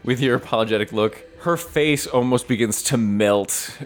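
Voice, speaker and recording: A man's voice: mid-range voice, normal speed. A man running a tabletop game as game master, narrating loosely with fillers and laughs.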